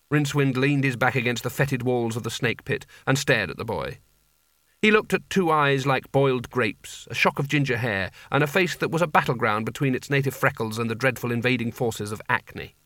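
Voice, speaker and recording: A man narrating a comic fantasy novel aloud with wry, expressive storytelling. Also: mid-range voice, fairly quick, no echo, clean studio sound. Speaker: audiobook narrator.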